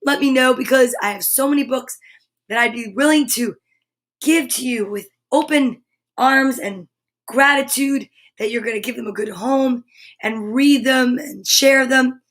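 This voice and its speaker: A woman reading a children's picture book aloud, expressive and dramatic, dropping to a hush at times. Her voice is high and her pace slow and deliberate. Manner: expressive, dramatic, with hushed and breathy moments. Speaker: comedian and storyteller.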